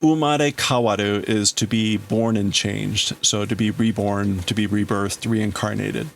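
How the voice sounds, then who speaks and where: A man reading a manga aloud as a language learner, casually translating line by line, halting and correcting himself and laughing often. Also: lowish voice, fairly even intonation, creaky. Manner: halting, self-correcting, giggly. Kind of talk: casual read-through commentary.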